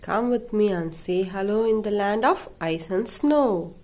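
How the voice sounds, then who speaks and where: A woman's voice: medium pitch, lively intonation, unhurried, a little mellow. A woman reading a children's picture book aloud in a playful, sing-song way. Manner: sing-song, playful, imitates animal sounds. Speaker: storybook reader.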